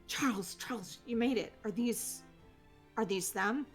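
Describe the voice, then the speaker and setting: A woman's voice: on the high side, unhurried, faint music behind. A woman voicing an urgent older man in his sixties, a scholar who asks businesslike questions.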